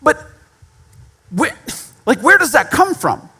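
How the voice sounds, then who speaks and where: A man's voice: high-pitched, animated, normal speed, fairly bright tone. A man giving a sermon in a conversational way, with self-deprecating humor and repeated points for emphasis. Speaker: pastor.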